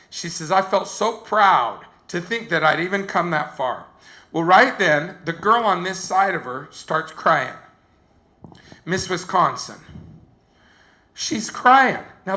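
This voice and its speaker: A man giving an animated storytelling talk to teenagers, quoting other people in a softer voice. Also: fairly high pitch. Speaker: youth speaker.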